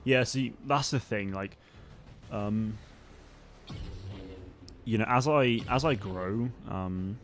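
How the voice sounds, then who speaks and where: A young streamer chats with his viewers and reads comments in a rambling live stream, stumbling over fillers and restarts. He speaks slowly in a lowish voice with long pauses, and soft music plays behind him.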